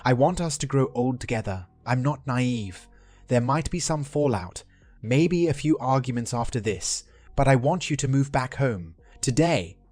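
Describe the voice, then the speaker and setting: A man's voice: medium pitch, animated, normal speed, a little mellow, no echo, soft background music, natural voice. Guy doing a devoted middle-aged husband, earnest with jokes, dry close sound.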